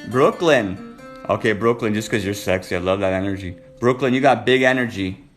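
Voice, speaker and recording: A man's voice: on the low side, a little fast, over music. A man hosting a casual live stream, flirting playfully and calling out viewers by name. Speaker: livestream host reading viewer comments.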